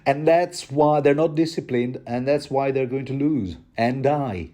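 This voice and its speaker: A man's voice: mid-range voice, a little slow, warm tone. A man giving a rambling, joking commentary on a book chapter, often stumbling and restarting.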